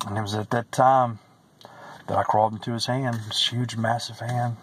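A man's voice: medium pitch, fairly even intonation, moderate pace, fairly bright tone, breathy edge, low-quality recording. Earnest man giving an emotional testimony. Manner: earnest and emotional, repeating phrases, dropping to whispers. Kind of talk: personal religious testimony.

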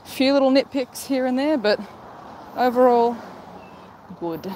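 A woman's voice: high voice, animated, measured pace, darkish tone, rough recording. Woman, young, chatty, upbeat, outdoors, faint traffic hum. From Australia. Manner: chatty, upbeat, reads out viewer comments while walking. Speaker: streamer. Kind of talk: casual live-stream chat. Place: outdoors, walking.

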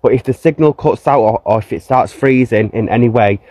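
On castle grounds, an earnest man livestreams a ghost hunt from a handheld phone, coaxing the spirit to talk and chatting with viewers. His medium-pitched voice is brisk and dark-toned, and the recording is dry.

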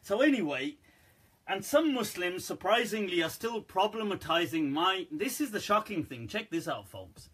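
A man's voice: sits high, big pitch swings, moderate pace, a bit bright, slightly rough. A man hosting a casual religious talk on a live stream, chatty, with many fillers and laughs at his own jokes. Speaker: Islamic scholar and live-stream host. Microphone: front-facing phone or webcam.

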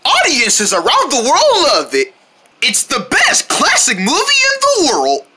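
A woman narrating a homemade DVD trailer in an excitable, playful way, breaking into shouts and sound effects. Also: sits high, unhurried, slight background noise.

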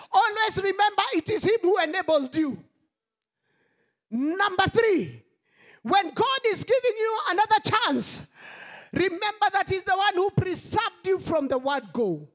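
A woman pastor delivers a fiery sermon in a high, wildly swooping voice. She lingers over her words at an unhurried pace, then bursts into shouts and drops back to low murmurs, punctuating her points with hallelujahs and rhetorical questions. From Kenya. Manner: impassioned preaching, swinging between shouts and low murmurs.

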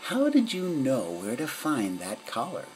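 A man's voice: medium pitch, huge pitch swings, unhurried, pitched above the performer's own voice, rough recording. A man voicing a kindly, eager female cat detective in a storybook reading, exclaiming in an earnest way.

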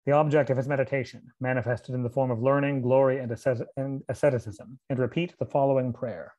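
A man in a middle voice reads an old scripture in translation, carefully and steadily. He breaks off now and then to explain a term in a casual aside before going back to the text. His pitch sits at an ordinary level for a man. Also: little pitch movement, a little mellow, lo-fi sound. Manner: measured reading with asides and occasional fillers. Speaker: reader and teacher of scripture.

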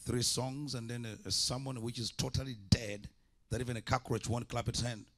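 A man's voice: mid-range voice, steady tone, moderate pace, a bit bright. A man preaching a sermon as an evangelist, impassioned, with repeated call-and-response lines.

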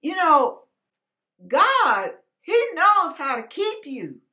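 A woman's voice: high voice, very animated, takes it slowly, bright, forceful tone. A woman pastor reading scripture and preaching, confiding her own struggles with rising emotion. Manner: personal, confiding talk about her struggles.

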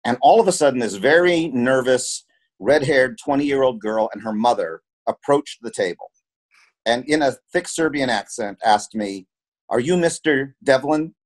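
A man's voice: mid-range voice, normal speed. Man, producer being interviewed, earnest anecdotes, mid-range voice, restarts with repeated words. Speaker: film and television producer, interview guest. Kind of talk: conversational interview, telling anecdotes.

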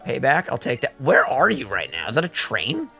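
Young man, co-host, gaming commentary, teasing, very animated pitch, gravelly. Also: normal speed, soft background music. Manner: excitable, teasing, laughs often. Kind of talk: casual gameplay commentary.

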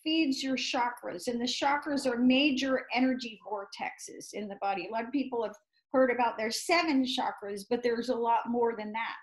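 High-voiced woman explaining energy healing. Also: moderate pace, poor audio. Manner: explanatory, keeps asking "right?". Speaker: host, medical intuitive healer. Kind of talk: interview, explaining.

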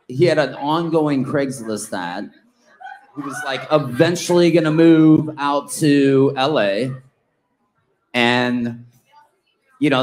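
A man at a live bar-venue interview, telling stories in a loose, profane, animated way with joking banter. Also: medium pitch, rough recording. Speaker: reality TV guest.

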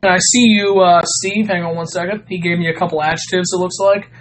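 A man's voice: high voice, fairly even intonation, normal speed, rough recording. A man hosting a casual live stream, chatting with viewers and reading out Mad Libs, giggling and stammering often.

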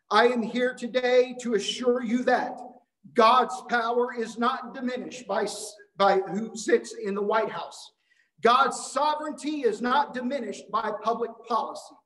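A man's voice: very high voice, a bit bright, echoey room, low-quality recording. A man delivering an emphatic sermon at a worship service, repeating phrases for weight and stumbling over a word now and then. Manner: emphatic preaching with repetition and some stumbles. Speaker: preacher.

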